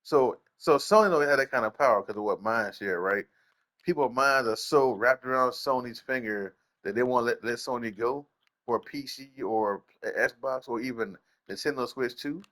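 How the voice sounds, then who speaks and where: A young man hosting a gaming channel, ranting in casual slang, repeating himself and jumping up in pitch when incredulous. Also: normal speed, a bit bright.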